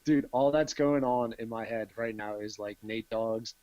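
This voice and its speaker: A man's voice: mid-range voice, normal speed, warm tone, dry recording, highs cut off. A man hosting a podcast, reacting with profane jokes in casual chat. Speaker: podcast host. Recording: noisy podcast mic.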